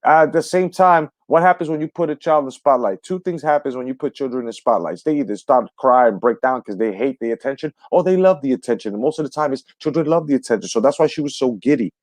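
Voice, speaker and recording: A man's voice: medium pitch, fast, hardly any pauses, darkish tone, dry recording. A man hosting a live stream from the United States, ranting with heavy profanity and greeting viewers in the chat. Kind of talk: heated live stream commentary.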